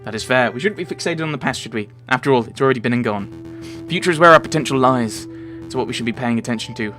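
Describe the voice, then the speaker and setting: Man doing a smooth sly fox detective, theatrical and formal, faint music underneath. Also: mid-range voice, quick pace, bright, forceful tone, close to an everyday voice. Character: sly male fox private investigator client.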